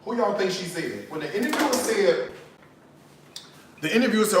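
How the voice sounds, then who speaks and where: A man's voice: high voice, moderate pace. Guy cooking on a live stream, chatting to viewers, voice bouncing all over, kinda echoey kitchen. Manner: animated storyteller, addresses viewers directly. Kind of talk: casual chat while cooking. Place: home kitchen.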